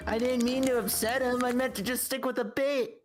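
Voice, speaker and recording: A woman's voice: fairly high pitch, fairly even intonation, fairly quick. A woman joining a stream as co-player, bantering with dry, teasing jokes. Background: loud background music.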